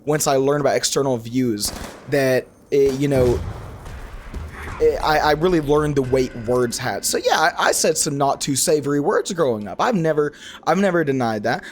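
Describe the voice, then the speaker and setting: Playing through a game, this young YouTuber offers loose, lively commentary, often breaking off and starting his sentences over. He speaks fairly quickly in a mid-range voice, and there's a faint hiss or hum in the audio.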